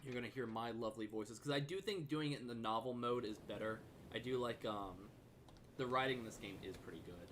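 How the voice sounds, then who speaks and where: Male streamer, mid-pitched, rambling casual talk and read-aloud narration, steady noise underneath. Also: a little fast. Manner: rambling and loose, swears freely.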